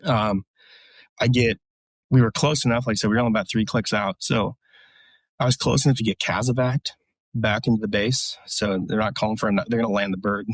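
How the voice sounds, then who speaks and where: A man's voice: on the low side, fairly even intonation, fairly quick, dry recording. A man, a military veteran, casually telling blunt, profane war stories as a podcast guest, with many fillers. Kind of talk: casual storytelling.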